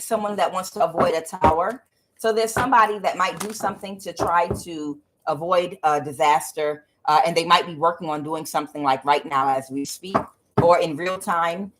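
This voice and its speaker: Excitable woman giving a tarot reading. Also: noisy background. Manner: excitable, swings from low mutters to loud bursts; swears casually, addresses viewers as guys and y'all. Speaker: tarot reader. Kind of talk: tarot reading to a channel audience.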